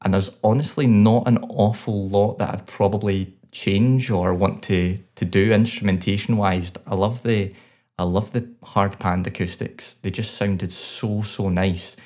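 A man's voice: fairly low pitch, fairly even intonation, unhurried, a little mellow. A man co-hosting a podcast, giving enthusiastic, detailed feedback on a song in a casual chat. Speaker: podcast co-host. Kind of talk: casual chat reviewing songs.

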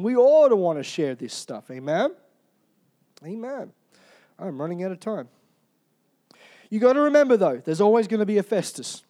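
A man preaching a sermon in an energetic, humorous way, often asking the congregation "Amen?". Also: sits high.

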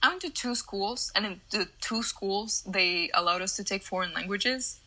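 A woman's voice: medium pitch, expressive, moderate pace, sharp tone, rough recording. A young woman whose first language is Spanish, co-hosting a casual podcast and explaining things earnestly. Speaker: podcast co-host. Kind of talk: casual chat.

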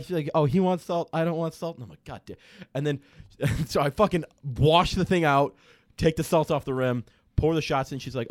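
A man's voice: medium pitch, no echo, studio quality. A young man casually telling a rambling, profanity-laden story as a podcast co-host, with many restarts. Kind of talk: casual chat.

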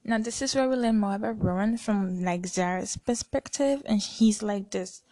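A young woman hosting a casual book podcast, gushing as she retells scenes and slips into quick quoted lines. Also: medium pitch, dark tone. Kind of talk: casual book review chat.

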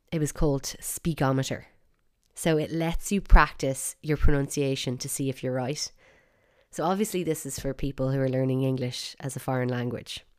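Low, smooth-voiced Irish woman podcaster. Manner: wry, mock-outraged, chatty. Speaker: podcast host. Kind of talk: solo podcast monologue.

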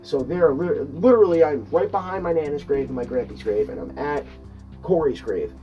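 A person telling a personal story in a casual, animated way, swearing often and rambling with restarts. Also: medium pitch, normal speed, highs cut off. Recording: far from mic, faint guitar music.

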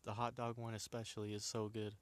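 A man's voice: fairly low pitch, monotone, fairly quick. Rambling young man, laughing, slangy. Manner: rambling, laughs often, slangy with many restarts. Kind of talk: casual storytelling chat.

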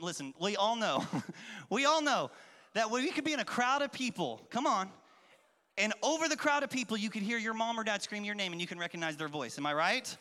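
Kids' pastor, a man with a high, bright, animated voice, booming through a big reverberant hall. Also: a little fast. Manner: animated, playful, acts out voices and calls to the crowd. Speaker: children's pastor. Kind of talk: lively kids' church sermon with storytelling. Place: large church hall with an audience.

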